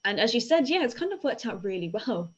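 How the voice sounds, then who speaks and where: A woman's voice: on the high side, big pitch swings, fast, husky, lo-fi sound. A woman hosting a casual live-streamed interview, reassuring her guest and reading out viewer questions. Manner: friendly, reassuring, reads out viewer comments. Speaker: host.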